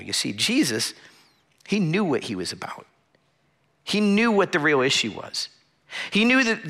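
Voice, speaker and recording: A man's voice: medium pitch, sharp tone. A man preaching a sermon as pastor to a small room and an online audience, earnest and conversational, with repeated phrases and restarts. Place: church sanctuary with a small audience.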